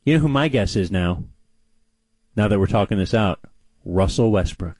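A man co-hosting a casual sports chat show, telling stories with animated delivery. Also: normal speed, dry recording, poor audio. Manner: animated storyteller, lively pitch. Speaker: co-host.

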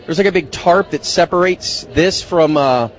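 A man's voice: a little high, highs cut off. Joking man interviewing strangers. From Dallas. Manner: joking, teasing, quick banter. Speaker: radio host roaming a media center. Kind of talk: casual street interviews.

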